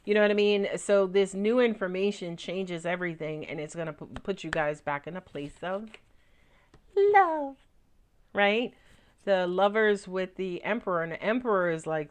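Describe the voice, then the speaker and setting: A woman's voice: on the low side, normal speed. A woman giving a casual tarot reading, talking loosely and swearing freely, often tagging her lines with "right?" and acting out little storylines. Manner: acts out little storylines in put-on voices. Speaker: tarot reader.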